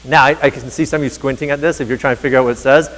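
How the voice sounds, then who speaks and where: A man's voice: mid-range voice, steady tone, rapid-fire, fairly bright tone, in a large hall, rough recording. A man in his thirties giving a motivational talk to teachers on a stage, speaking earnestly and addressing the audience directly. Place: stage in a large hall.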